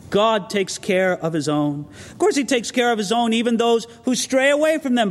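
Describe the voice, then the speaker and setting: A man's voice: very high voice, a bit bright. A man preaching an expository sermon as pastor, earnest and preacherly, telling stories with asides. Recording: long reverb of a large hall.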